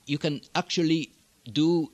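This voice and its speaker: A man teaching accent technique, explaining in a slow, deliberate, instructive way. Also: fairly high pitch, fairly even intonation, no room sound. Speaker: dialect coach.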